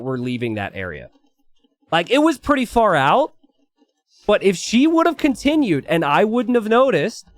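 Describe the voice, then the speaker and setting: Young man, game commentator, lively swooping voice, chatty storytelling, dry close mic. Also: fairly high pitch, dry recording. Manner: animated, chatty, lots of "like" and "right?".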